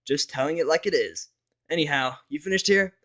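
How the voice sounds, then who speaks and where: A brash tomboy pegasus mare, as a man puts her on, boastful and teasing, pitched up above his usual voice and pushed out loud. She sounds sporty and sure of herself in a fan audiobook reading. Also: brisk. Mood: cocky.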